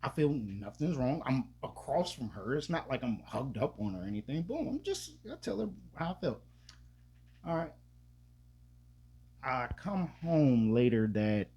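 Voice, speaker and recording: A man with a husky, slightly rough voice chats on a podcast. He talks in a loose, profane, rambling way, often restarting his sentences, and his pitch sits in an ordinary middle range. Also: big pitch swings, unhurried, long pauses, dark tone. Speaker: podcast co-host. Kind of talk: casual storytelling chat.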